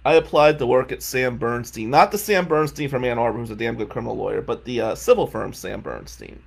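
A man's voice: medium pitch, fairly quick, creaky, slightly rough. A man in his forties, a lawyer, casually telling self-mocking stories and acting out the people in them. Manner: animated, self-mocking, acts out quotes. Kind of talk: casual comic storytelling.

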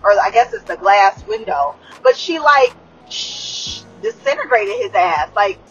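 Woman, excitable rambling recap chat, lots of swearing, faint music behind, dull lo-fi sound. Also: medium pitch, measured pace. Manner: excitable, profane, rambling with many fillers. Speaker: show reviewer.

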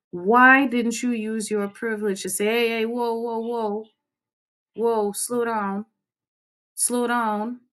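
A woman hosts a livestream with fiery, preachy commentary, her pitch swinging up and down as she talks. Her voice comes across a bit bright.

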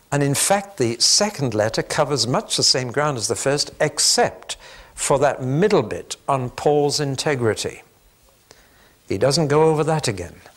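Older man preaching a measured sermon. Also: mid-range voice, a bit bright. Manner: measured, emphatic Bible teaching with dry humor.

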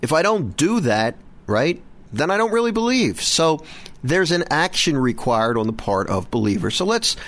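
A man's voice: fairly high pitch, very animated, normal speed, fairly bright tone. A middle-aged man hosting a Catholic radio program, talking earnestly with frequent restarts and repeated words. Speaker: host of a Catholic radio show. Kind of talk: prayer and casual show talk.

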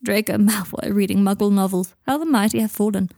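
A woman's voice: mid-range voice, a little fast, a little mellow, dry recording, studio quality, close to an everyday voice. A woman reading the part of a blunt, probing older woman, speaking abruptly and coldly. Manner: abrupt, cold.

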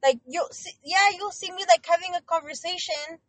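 A woman co-hosting a podcast in casual talk, animated, swearing and slipping Spanish into her English. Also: very high voice, moderate pace, no room sound, rough recording. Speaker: podcast co-host.

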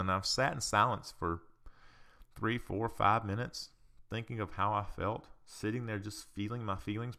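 A man's voice: medium pitch, gravelly, sharp tone. A man who is a counselor and podcast host, speaking in a casual, earnest, reflective monologue that mixes psychology and faith.

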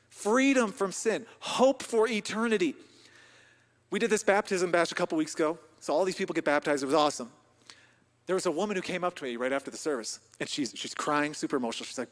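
A man pastor preaching a sermon with passion, dropping to near a whisper and then rising to loud emphasis. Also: sits high, moderate pace. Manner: impassioned, swings from hushed to loud. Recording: long reverb of a large hall.

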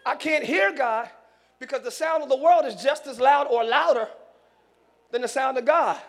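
A male pastor preaching a sermon in church, moving from loud shouted lines to quick casual asides. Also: extremely high pitch.

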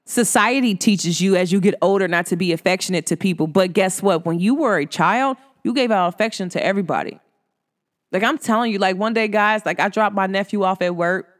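A woman in her thirties, a host talking casually to her listeners in a lively, animated way, acting out quotes with big jumps in pitch. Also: fairly quick, in a large hall. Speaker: podcast host.

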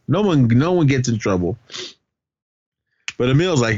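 A man's voice: medium pitch, normal speed, no echo, muffled recording. A man co-hosting a podcast, recapping a film's plot casually, rambling and correcting himself with lots of fillers. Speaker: podcast co-host.

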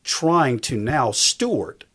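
Husky man in his fifties, preacherly. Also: mid-range voice, big pitch swings, slow, fairly bright tone. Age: 50s. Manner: emphatic, preacherly, repeats key lines. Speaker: guest on a faith talk show. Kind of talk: faith-based conversation.

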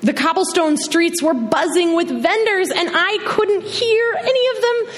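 A young woman telling a personal story to an audience, animated and self-mocking, acting out the dialogue. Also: extremely high pitch, measured pace, in a large hall.

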